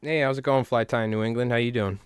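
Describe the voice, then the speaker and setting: A man's voice: medium pitch, fairly even intonation, fast, clear, resonant tone, no room sound. A man with a New York accent who hosts a fly tying stream, chatting and joking with viewers in a rambling way. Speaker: fly tying channel host. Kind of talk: casual livestream chat while tying flies.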